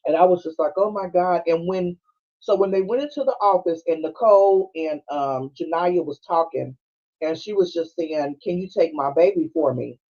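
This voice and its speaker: High voiced guy recapping a movie in aave, laughing, doing everybody's lines, kinda muffled audio. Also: normal speed. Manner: animated storytelling with frequent laughing and quoted voices. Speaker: podcast host. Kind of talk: casual movie recap chat. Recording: dull lo-fi streaming audio.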